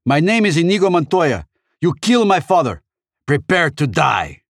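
A man's voice: fairly high pitch, big pitch swings, moderate pace, no room sound, clean studio sound, voice pushed up. A man voicing a vengeful, proud male swordsman, declaiming his lines in a raised, intense voice. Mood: defiant.

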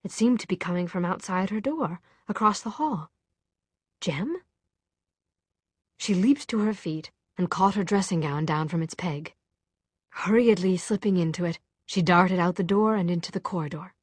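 A woman narrating a novel in a measured, softly dramatic reading. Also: lowish voice, slightly rough, dry recording. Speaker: audiobook narrator. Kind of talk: scripted narration.

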